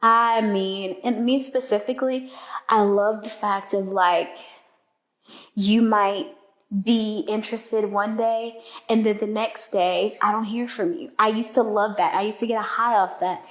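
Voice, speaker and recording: A woman's voice: mid-range voice, fairly even intonation, a little slow. A woman speaks candidly and casually about her own habits in a confessional podcast tone.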